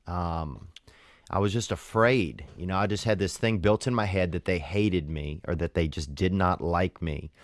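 A man calmly telling stories and giving advice in a matter-of-fact way. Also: low-pitched, normal speed, no room sound, studio quality. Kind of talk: casual storytelling and advice.

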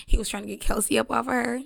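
A woman's voice: a little high, creaky. A young woman hosting a casual talk show, rambling and cussing with laughing asides. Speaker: podcast host. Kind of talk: casual storytelling chat.

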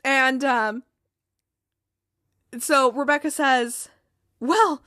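A woman's voice: a little high, expressive, unhurried, a bit bright, dry recording, clean studio sound. A woman casually recapping a TV episode, rambling and chatty with lots of asides. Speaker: TV recap host.

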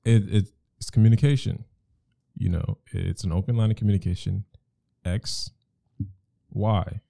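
A man's voice: on the low side, fairly even intonation, unhurried, vocal fry, dark tone, no echo, clean studio sound. A man in casual podcast chat, talking in a loose, rambling, emphatic way.

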